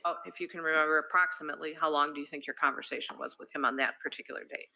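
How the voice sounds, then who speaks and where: Lady lawyer asking questions in court, bright voice, calm and steady. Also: low voice, gravelly, a little hiss or hum, rough recording. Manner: measured, prompting, with fillers. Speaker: attorney.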